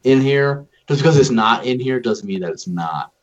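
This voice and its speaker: A man's voice: medium pitch, lively intonation, normal speed. A man co-hosting a casual, profane podcast chat, rambling and swearing freely. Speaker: podcast co-host. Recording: dull lo-fi recording.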